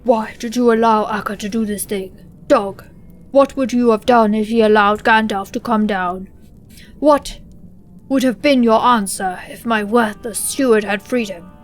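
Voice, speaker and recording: A woman voicing a wrathful old male wizard lord in a game, speaking loudly and menacingly. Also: on the high side, steady tone, normal speed, gravelly, faint music behind. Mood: furious. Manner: loud, commanding, menacing.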